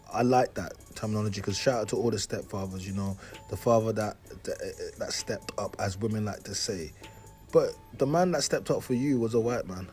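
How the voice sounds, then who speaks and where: A man from Africa hosting a casual talk show, speaking conversationally with quick asides and reading posts aloud. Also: lowish voice, a little mellow. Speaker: host.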